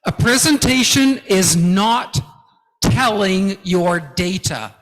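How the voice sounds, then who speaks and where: A man giving a guest lecture to academics, teaching slowly and emphatically and often checking in with "okay?". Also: high-pitched, lively intonation, fairly bright tone. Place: large lecture hall. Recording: long hall reverb.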